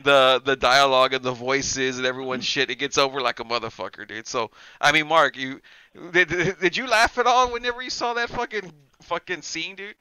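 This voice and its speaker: A man's voice: medium pitch, fairly quick, sharp tone, smooth, no room sound, low-quality recording. A man hosting a podcast in casual chat, rambling, swearing and laughing often. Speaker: podcast host.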